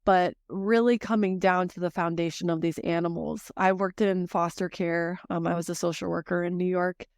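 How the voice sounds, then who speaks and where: A woman's voice: on the low side, fairly even intonation, normal speed, few pauses, clean tone, no room sound, studio quality. A woman who runs a small dog treat business, talking as a podcast guest in an emotional, rambling way. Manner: warm-hearted, emotional, rambling with restarts. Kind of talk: casual conversational storytelling.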